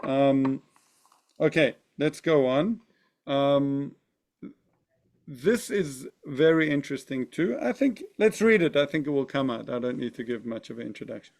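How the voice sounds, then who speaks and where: A man's voice: medium pitch, a little slow, gravelly, darkish tone. A man teaching a text study class, thinking aloud and often checking in with his listeners. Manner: thoughtful, often asks "right?".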